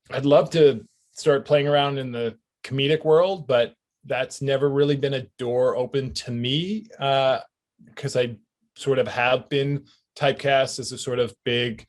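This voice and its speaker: A middle-aged Canadian man, an actor, chatting in an interview in a relaxed, reflective way with chuckles and fillers. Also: medium pitch, measured pace. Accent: Canadian English. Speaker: actor guest. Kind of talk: casual interview chat.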